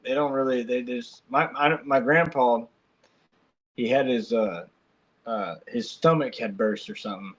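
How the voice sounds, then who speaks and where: A man's voice: medium pitch, measured pace, fairly bright tone, highs cut off. A man hosting a podcast, telling family stories in a loose, colloquial way with frequent restarts. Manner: rambling storyteller, colloquial, many restarts. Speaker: podcast host. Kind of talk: casual chat.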